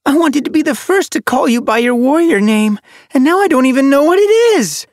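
Eager young male cat apprentice in a storybook, high excited voice, dry recording. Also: fairly quick, dry recording. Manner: high-pitched excited wailing. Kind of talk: audiobook character voice.

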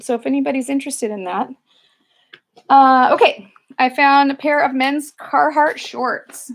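A woman's voice: high voice, measured pace, vocal fry. A woman chatting casually through a thrift haul video, rambling with lots of fillers and restarts. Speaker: thrift reseller vlogger.

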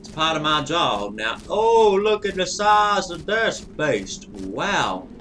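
A man hosting a let's play, cursing and reacting excitably as he plays. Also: on the high side, slow, slight background noise. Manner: profane, excitable running reactions. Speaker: gaming channel host. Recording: distant mic with loud game music. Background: game music.

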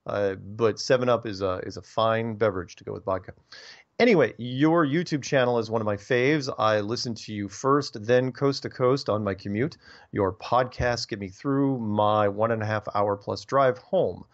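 Rambling low-voiced man on a dull lo-fi recording. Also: moderate pace. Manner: rambling, stumbles and repeats words. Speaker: radio show host reading listener emails. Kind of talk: casual radio talk.

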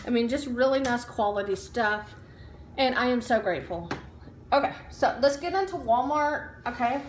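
Woman vlogger, fairly high voice, chatty and upbeat, echoey room, faint background hum. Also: animated, normal speed. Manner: chatty and upbeat, many ums and likes. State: out of breath while standing. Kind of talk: casual haul chat. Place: room at home.

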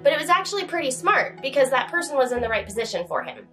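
A young woman vlogger telling a story in a chatty, animated way, now and then talking to her dog. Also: high voice, fast, faint music behind. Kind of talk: casual storytelling vlog.

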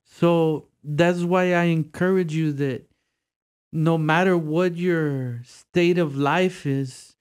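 A man's voice: fairly high pitch, steady tone, takes it slowly, darkish tone, smooth. A man, a priest, giving an earnest and encouraging reflection to a prayer group.

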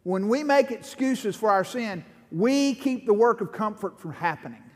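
A man's voice: sits high, animated, moderate pace. A middle-aged man preaching an impassioned sermon as pastor, building to fervent pleading. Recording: long hall reverb.

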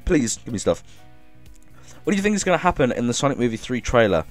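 A man streaming a game live, reading chat aloud and thanking viewers with excitable energy, coughing now and then as if ill. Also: mid-range voice, quick pace, faint music behind.

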